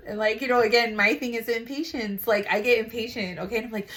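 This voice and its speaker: A woman's voice: fairly high pitch, fairly quick, fairly bright tone. A mother sharing a casual faith testimony, rambling and frank, with lots of "like" and some swearing.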